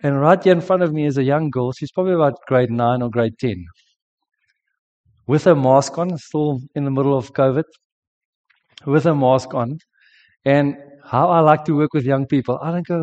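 A man's voice: medium pitch, moderate pace, a little mellow, long reverb tail, muffled recording. A South African man in his forties, sick with a sore throat, telling an earnest sermon story with frequent restarts. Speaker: preacher. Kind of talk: sermon testimony.

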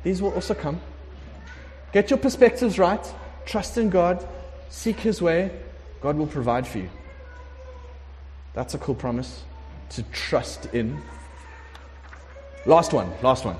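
A man preaching a conversational sermon, emphatic and lively, sometimes acting out prayers. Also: a little high, takes it slowly, pauses often, a little hiss or hum. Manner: conversational, emphatic, acts out prayers in shifting voices. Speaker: pastor. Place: warm room with congregation. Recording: long hall reverb.

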